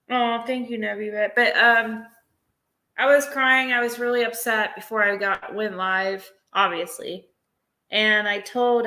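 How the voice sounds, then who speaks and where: A livestreamer, a woman, rambles through a casual live-stream chat, emotional and quick to laugh. Her voice is a little high, bright and sharp, and she takes her time. The room adds a roomy echo.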